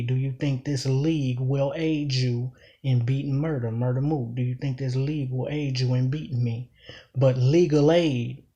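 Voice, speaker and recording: A man talking casually through a battle rap, repeating each bar and pressing its meaning home. His voice is mellow and warm, with an ordinary mid pitch. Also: dull audio. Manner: emphatic, repeats lines while explaining. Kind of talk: casual breakdown commentary.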